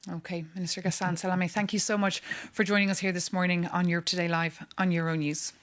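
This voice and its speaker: A woman anchoring a live news show, brisk and conversational. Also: lowish voice, level tone.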